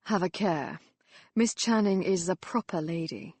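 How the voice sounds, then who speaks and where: Woman voicing a terse, guarded young gentleman. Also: on the low side, a little slow, husky, dry recording.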